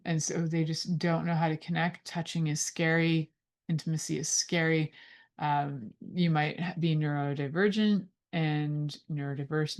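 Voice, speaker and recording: A middle-aged woman hosting a show, talking casually and rambling into digressions with many fillers. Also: sits low. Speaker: host. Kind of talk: casual talk on intimacy.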